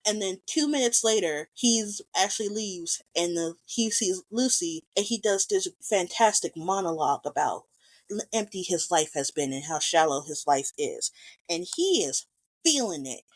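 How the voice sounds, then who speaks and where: A woman's voice: lowish voice, animated. A woman hosting a casual film commentary, talking with rambling enthusiasm and gushing over scenes she loves. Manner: enthusiastic, rambling, quick to gush. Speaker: podcast host.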